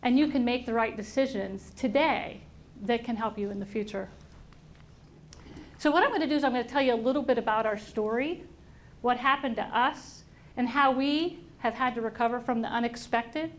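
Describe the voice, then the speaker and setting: A middle-aged woman speaking to an audience, telling a personal story in an animated way and acting out the voices of people she quotes. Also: fairly high pitch, normal speed. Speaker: invited speaker. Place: auditorium at a workplace event.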